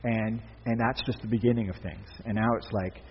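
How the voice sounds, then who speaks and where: A man's voice: lowish voice, fairly even intonation, brisk, a little hiss or hum. A man giving a sermon as pastor, speaking in a conversational, emphatic way with repeated phrases. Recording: dull, echoey hall recording.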